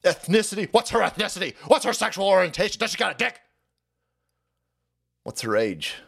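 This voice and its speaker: A man hosting a livestream and ranting in a crude, profane, sarcastic way, slipping in quick mocking voices. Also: high-pitched, sing-song, creaky, fairly bright tone. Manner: mocks people by putting on quick voices. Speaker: livestream host.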